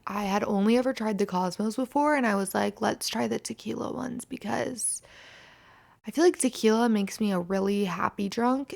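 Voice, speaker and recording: A hungover woman in her twenties hosts a casual solo podcast in a mid-range voice with vocal fry. She rambles, pokes fun at herself, and swears freely.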